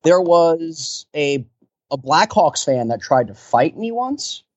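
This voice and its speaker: A man's voice: a little high, big pitch swings, takes it slowly, no echo. A man working as a sports mascot, telling stories in a casual interview, rambling with lots of fillers and laughs. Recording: dull lo-fi recording.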